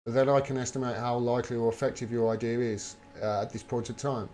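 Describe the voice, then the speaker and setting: A man's voice: medium pitch, level tone, quick pace, darkish tone. A man hosting a live stream, talking through political news and answering viewer messages in an emphatic, heated way, swearing freely. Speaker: livestream host. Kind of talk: live political commentary reading viewer chat.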